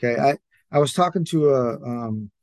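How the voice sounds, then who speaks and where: Animated storytelling man, dry close sound. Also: mid-range voice, normal speed, dry recording. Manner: animated, acts out other people's lines in quotes. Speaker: athletic trainer. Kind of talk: casual podcast storytelling.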